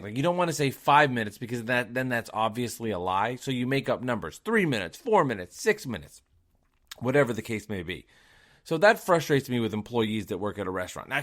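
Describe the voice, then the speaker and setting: Ranting man telling a story. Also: medium pitch. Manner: ranting, worked up, rhetorical questions; lively swings between loud and quiet. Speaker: podcast host and delivery driver. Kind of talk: casual storytelling monologue.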